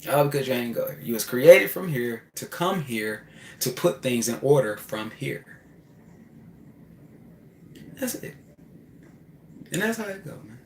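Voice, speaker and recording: A man's voice: medium pitch, very animated, normal speed. Emphatic man preaching in an echoey room. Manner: repetitive and emphatic, shifts between loud outbursts and hushed asides. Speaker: spiritual speaker. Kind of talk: preaching monologue. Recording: echoey room with faint ambience.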